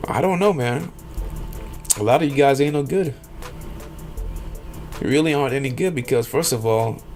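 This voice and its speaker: A middle-aged man giving rambling, animated opinion commentary on his vlog, acting out the voices he quotes. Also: medium pitch. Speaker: vlogger.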